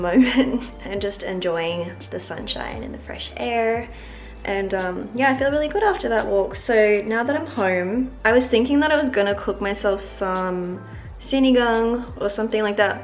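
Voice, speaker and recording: An Australian woman around thirty chatting casually to camera at home in her vlog, full of "like" fillers. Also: mid-range voice. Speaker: lifestyle vlogger.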